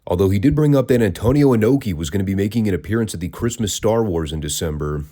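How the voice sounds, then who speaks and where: Low, mellow-voiced man reviewing wrestling. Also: expressive, fast talker. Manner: wry, sarcastic, conversational. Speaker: wrestling podcast host. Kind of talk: casual review commentary.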